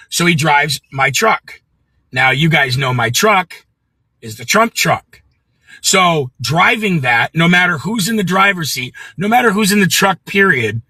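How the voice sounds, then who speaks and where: Middle-aged Midwestern man, livestream host, profane ranter, very bright slightly high voice. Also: dry recording, poor audio. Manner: blunt and profane, greets viewers by name. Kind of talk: ranting livestream monologue.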